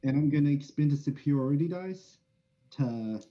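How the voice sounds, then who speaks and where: A woman's voice: low voice, expressive, normal speed, dark tone. A woman playing a tabletop game, making terse, dry remarks. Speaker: player. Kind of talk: casual game talk. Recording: dull lo-fi mic.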